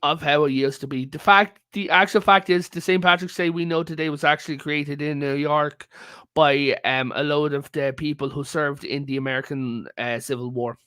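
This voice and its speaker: Dry, higher-voiced man telling stories. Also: fairly even intonation, moderate pace, bright, forceful tone, smooth, dry recording. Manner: storytelling, peppered with "like" and "right?". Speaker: guest. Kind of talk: casual conversational history chat. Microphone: video call.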